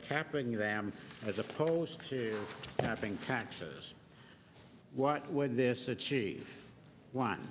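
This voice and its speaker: A man of middling pitch delivers a prepared statement to a council committee. He speaks in a measured, deliberate way and enumerates his points in order. His voice carries the long reverb of a large chamber, with faint hiss underneath. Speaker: business association deputant. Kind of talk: formal prepared deputation.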